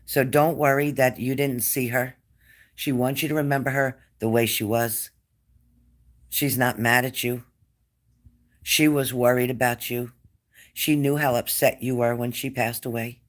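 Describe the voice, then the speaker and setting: Man giving a gentle psychic reading. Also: medium pitch, fairly even intonation, measured pace, pauses often. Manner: repeats phrases, gentle and coaxing. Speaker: spirit medium giving a reading. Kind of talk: reassuring psychic reading to a client.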